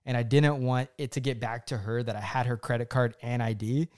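A man's voice: medium pitch, fairly quick. Young man telling a story casually. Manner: animated, acts out his own past quotes.

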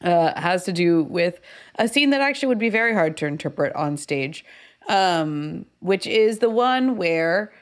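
A woman's voice: fairly low pitch, lively intonation, a little slow. A woman co-hosting a podcast, chatting casually about a scene and thinking aloud with fillers and restarts. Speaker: podcast co-host. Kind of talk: casual chat about screenwriting.

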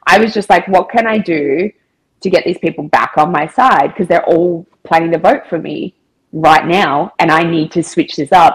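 A woman talks as a podcast guest, recounting events in a loose, chatty way. Her voice is husky and slightly breathy and sits on the lower side, and she fills her speech with casual filler words. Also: normal speed, low-quality recording. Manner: chatty, with frequent filler words and quoted dialogue. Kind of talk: casual storytelling interview.

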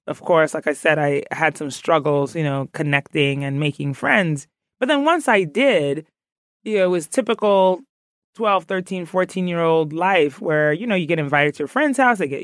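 A woman from Ghana, a podcast guest, chatting in an animated, playful way and laughing often. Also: fairly low pitch, no room sound, clean studio sound. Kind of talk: casual interview chat.

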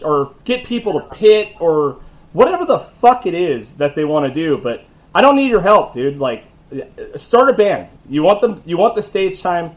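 A man with a slightly raised pitch talks in an easygoing, profane way and nods along often. His sound is dull and a little muffled. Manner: laid-back, agreeing, profane. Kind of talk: casual chat.

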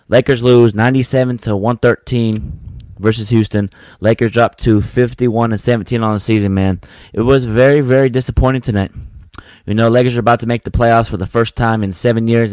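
A man's voice: mid-range voice, darkish tone, dry recording. A man hosting his own sports podcast, venting casually in slang with many repeated words. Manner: slangy, repetitive, frustrated venting.

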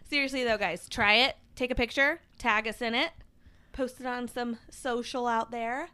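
A woman's voice: fairly high pitch, steady tone, moderate pace, bright, forceful tone, smooth. A woman co-hosting a podcast in casual chat, playful and teasing, a bit out of breath. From Kansas City area, USA. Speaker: podcast co-host.

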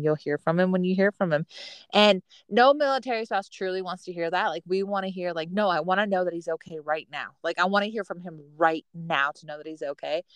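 A woman's voice: on the low side, dry recording. A candid, chatty woman. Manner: candid, chatty, laughs at herself. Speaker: podcast co-host, military spouse. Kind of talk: casual chat.

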